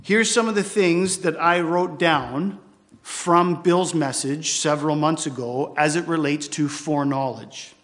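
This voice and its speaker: A man's voice: a little high, measured pace, fairly bright tone. A man preaching a sermon to his congregation, explaining scripture earnestly with emphatic repetition.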